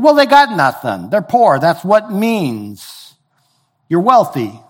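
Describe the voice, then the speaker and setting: A man's voice: high voice, huge pitch swings, takes it slowly. Conversational man preaching a sermon. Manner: conversational, explains with everyday examples and reads scripture aloud. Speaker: pastor.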